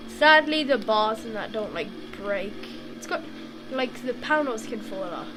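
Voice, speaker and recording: A young woman with a high voice chats through her gameplay at an unhurried pace, rambling and humming little tunes as she drives. Loud engine and game sounds run underneath her talk. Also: lively intonation. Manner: rambling, chatty, hums and sings little tunes while playing. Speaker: gaming video creator. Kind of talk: casual gameplay commentary. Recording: clear game engine noise behind.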